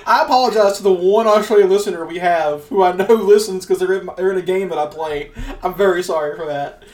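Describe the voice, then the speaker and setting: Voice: mid-range voice, a little fast, a little mellow. A young podcast host chatting casually, laughing often and swearing now and then, and reading an article aloud. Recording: echoey room, voice off-mic.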